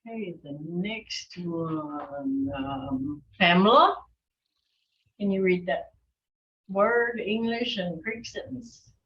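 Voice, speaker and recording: Patient language teacher, female, slow and warm-handed with corrections, dull call audio. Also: fairly low pitch, a little hiss or hum. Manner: patient, encouraging, calls on students by name. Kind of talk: online language class. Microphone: video call.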